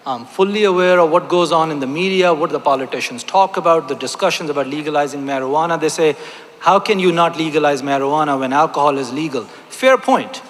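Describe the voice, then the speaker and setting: A man's voice: fairly high pitch, fairly quick, fairly bright tone. A man giving an impassioned speech from a stage at a religious convention, repeating his points emphatically and asking the audience rhetorical questions. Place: large hall on stage. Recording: long hall reverb.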